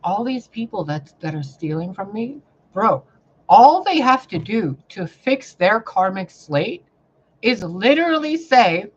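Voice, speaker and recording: A woman vlogging a rambling, profane spiritual rant that swings between loud outbursts and hushed muttering. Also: medium pitch, very animated, measured pace, husky, dull audio. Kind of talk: ranting spiritual vlog monologue.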